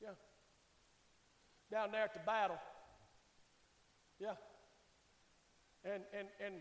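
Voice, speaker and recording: A man pastor preaching a fiery revival sermon, swinging from hushed tones to hollering, in a church sanctuary. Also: high voice, level tone, slow pace. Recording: echoey church hall reverb.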